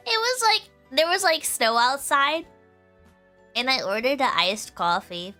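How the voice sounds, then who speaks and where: A woman streamer chatting casually with her viewers in a high, girlish voice, giggling often and filling her talk with "like". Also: expressive, takes it slowly, pauses often, bright, forceful tone, faint music behind. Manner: giggly, laughs often, full of "like" fillers.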